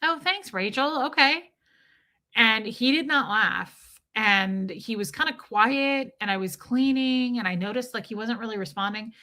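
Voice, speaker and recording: Middle-aged woman, livestream host, bright tone, chatty and heartfelt, breaks off to greet viewers. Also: fairly high pitch, moderate pace. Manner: chatty and emotional, greets viewers by name mid-story. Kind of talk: casual livestream chat.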